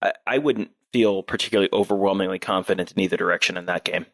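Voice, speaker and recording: Male podcast co-host, lowish voice, measured analyst who thinks out loud. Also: steady tone, vocal fry. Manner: measured, thinks aloud with frequent restarts. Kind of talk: casual analytical sports talk.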